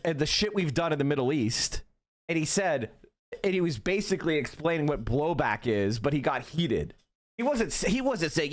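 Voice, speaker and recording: Male streamer host, heated profane rant, high-ish and very animated. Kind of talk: live-stream commentary.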